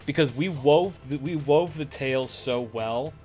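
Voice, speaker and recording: A man's voice: mid-range voice, unhurried, darkish tone, faint music behind. Profane rambling male streamer. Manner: profane, laughing, rambling with restarts. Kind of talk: casual storytelling on a live stream.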